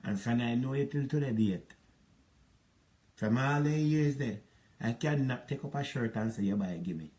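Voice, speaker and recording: Here a middle-aged man with a Jamaican accent speaks at a moderate pace in a dark, mid-range voice. He meanders through a resentful monologue about a past romance, told in patois-tinged style.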